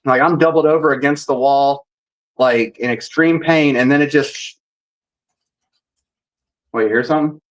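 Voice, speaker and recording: A man's voice: mid-range voice, normal speed, pauses often, low-quality recording. Male paranormal investigator guest, chatty and rambling, mid-range voice. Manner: rambling, animated, reenacts dialogue. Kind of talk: casual storytelling.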